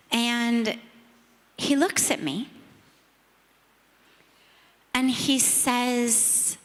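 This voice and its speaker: Middle-aged woman giving a slow earnest spiritual talk, big hall echo. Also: on the high side, expressive, a bit bright. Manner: measured, earnest, emphatic repetitions. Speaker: spiritual teacher speaking on a panel. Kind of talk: reflective storytelling talk. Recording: long reverb of a large hall.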